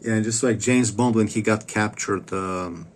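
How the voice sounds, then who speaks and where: Crude, rambling man clearing his throat. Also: fairly low pitch, unhurried. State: coughing after a dental visit. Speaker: self-help vlogger. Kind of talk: rambling profane monologue.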